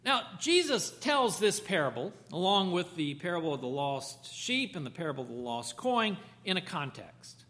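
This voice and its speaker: Animated, bright-voiced male preacher. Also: high-pitched, normal speed, few pauses. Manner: animated storytelling, conversational asides. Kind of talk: sermon.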